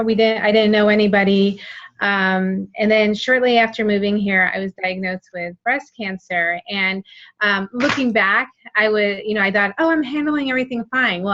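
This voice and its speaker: A woman's voice: mid-range voice, a bit bright. A woman in her forties telling her own story candidly, rambling with many fillers. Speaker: guest sharing her story. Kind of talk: casual personal testimony. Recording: dull lo-fi sound.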